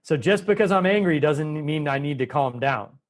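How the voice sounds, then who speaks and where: A man's voice: a little high, lively intonation, moderate pace. A man as a guest in a conversational interview, explaining with emphasis and changing his pace often. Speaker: Ayurvedic doctor, guest.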